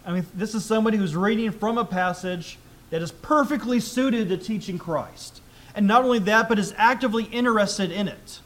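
A man preaching a sermon in a conversational way, asking rhetorical questions and reading scripture aloud more loudly. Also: high-pitched, brisk. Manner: reads scripture aloud louder.

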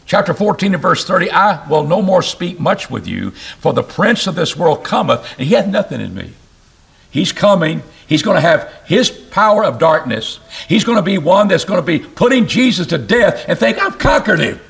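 A man preaching an expository sermon, reading scripture aloud and explaining it, with emphatic rises and sudden low drops. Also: normal speed, vocal fry. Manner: animated, rising to emphatic bursts and dropping low.

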